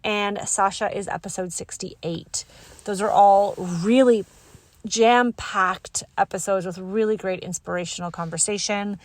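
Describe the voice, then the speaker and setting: A woman hosting a podcast, talking alone to her listeners in a bubbly, excitable and emotional way. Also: mid-range voice, measured pace, no room sound. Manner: bubbly and excitable, laughing and gushing. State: emotional, close to tears. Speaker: podcast host. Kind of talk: solo podcast sign-off.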